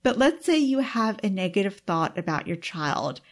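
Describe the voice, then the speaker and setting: Speaking both as a parent and as a time management coach, this woman delivers a heartfelt self-help lesson peppered with exclamations. Her voice sits at a medium pitch, with a sing-song lilt and normal speed.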